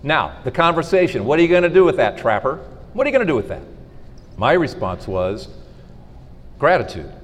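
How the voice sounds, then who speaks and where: Middle-aged male speaker, animated storyteller at a faith talk, lively pitch, reverberant hall sound. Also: a little fast, pauses often. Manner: storytelling, animated, acts out dialogue. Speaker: podcast host giving a faith talk. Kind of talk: inspirational talk to a live audience. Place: school hall.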